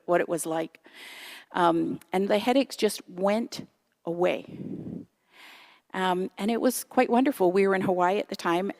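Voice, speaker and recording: A woman in her fifties preaches in a church in a relaxed, chatty way. Her voice has a gravelly edge, and she keeps turning to the congregation with little questions. She pokes fun at herself as she talks. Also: medium pitch. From Canada. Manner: chatty, self-deprecating, asks the audience questions. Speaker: guest speaker. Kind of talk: conversational sermon. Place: church sanctuary.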